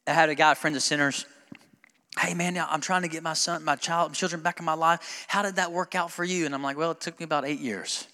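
A man in his thirties preaches a sermon in a bright, somewhat high voice. He climbs to loud, ringing peaks, then drops low and soft. The sound carries a long hall reverb. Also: fairly even intonation, brisk. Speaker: pastor.

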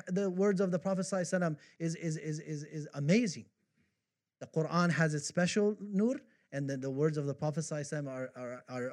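Man, high-pitched, impassioned, devotional sermon. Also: a little mellow. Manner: impassioned, rising to fervent recitation of poetry. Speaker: preacher.

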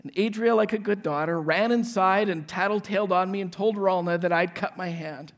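A man in his forties, a pastor, telling a lively personal story in a sermon and acting out the dialogue. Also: high voice, moderate pace. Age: 40s.

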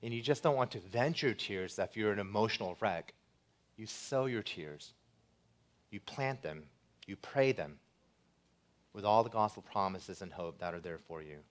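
Earnest male preacher delivering a sermon. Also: on the low side. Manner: earnest preaching, builds to loud emphatic passages. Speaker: pastor.

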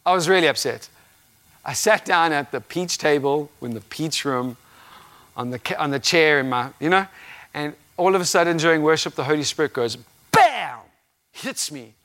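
A man preaching a sermon, telling a personal story with animated, laughing acted-out reactions. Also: fairly high pitch, normal speed. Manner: animated storytelling, acts out his own reactions with laughing outbursts.

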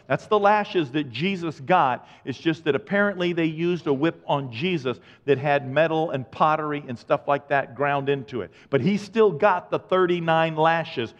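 A man's voice: normal speed, few pauses. Male pastor preaching with big dynamic swings, dull lo-fi recording. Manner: dynamic preaching, swinging from quiet and low to loud shouts. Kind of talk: sermon. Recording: dull lo-fi sound with long reverb in a large hall.

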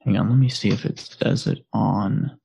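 A man's voice: fairly low pitch, fairly even intonation, normal speed, creaky, mellow, breathy edge. A man co-hosting a casual podcast chat in an easygoing way. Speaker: podcast co-host.

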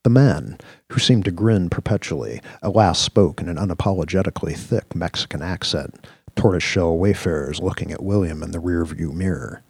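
A man narrating a science-fiction radio story in a measured, descriptive way. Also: low-pitched, a little mellow, husky, dry recording. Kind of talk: scripted audio-drama narration.

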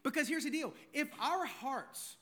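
A man's voice: extremely high pitch, animated, unhurried, a bit bright. A middle-aged man, preaching a sermon in a conversational way, full of rhetorical questions. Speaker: pastor.

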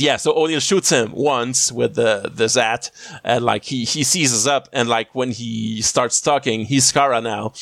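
A man's voice: medium pitch, fairly bright tone, dry recording, clean studio sound. A man casually recapping a TV episode as a podcast host, rambling with lots of fillers and restarts. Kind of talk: casual chat.

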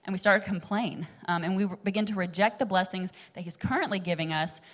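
A woman's voice: medium pitch, fast talker. A young woman giving a casual, chatty Bible teaching, full of fillers and asides. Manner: chatty, animated, many fillers like "like" and "um". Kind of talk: casual sermon-style teaching.

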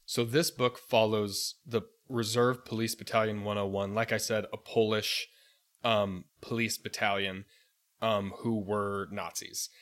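A man co-hosting a casual podcast, telling about the book in a grave, animated way. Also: lowish voice, unhurried. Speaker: podcast co-host.

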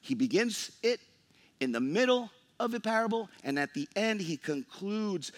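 A male pastor preaching a sermon, reading scripture and acting out the grumbling workers with animated delivery. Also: a little high, measured pace.

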